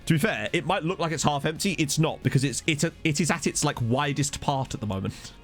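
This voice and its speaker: A man's voice: a little high, lively intonation, fast, faint music behind. A man chatting casually on a live stream as he plays a football management game, rambling and answering viewers. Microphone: desktop USB microphone.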